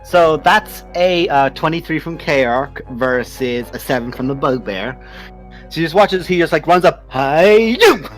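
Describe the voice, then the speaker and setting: A man's voice: fairly high pitch, faint music behind. A man running a tabletop game as game master, narrating the action with lots of laughter. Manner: animated, laughing often, puts on quick creature voices.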